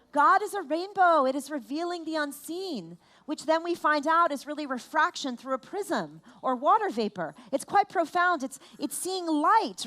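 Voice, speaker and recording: A woman leading a lively family service, animated and playful, asking children questions and exclaiming at their answers. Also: high voice. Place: large room in a temple.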